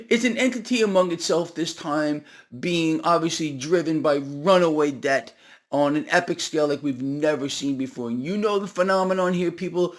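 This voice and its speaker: A high-pitched man hosts a market commentary video. He speaks directly to viewers in a casual, animated, sarcastic manner.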